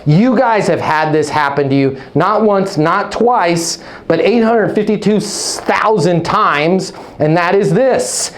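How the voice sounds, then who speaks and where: A high-voiced man hypes up the attendees of his live online leasing training with playful nicknames. His delivery is energetic and punchy, punctuated by check-ins like "okay? right?"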